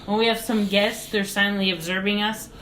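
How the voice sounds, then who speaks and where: A woman co-hosting a casual movie podcast, chatty with quick interjections, recorded at someone's home. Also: medium pitch, level tone, echoey room, a crowd in the background. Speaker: podcast co-host. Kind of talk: casual movie review chat. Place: guests' home, remote location.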